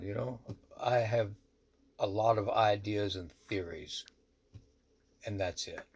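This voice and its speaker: A man's voice: lowish voice, slow, pauses often, a little mellow, breathy edge. A man who works as a shaman telling a true story in a rambling, conversational way, full of "you know" asides. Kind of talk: casual spoken storytelling.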